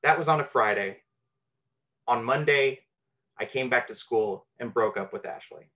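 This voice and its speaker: A man's voice: medium pitch, normal speed, pushed and bright. A man telling a true, personal story from his teenage years, earnest and candid with a self-deprecating edge.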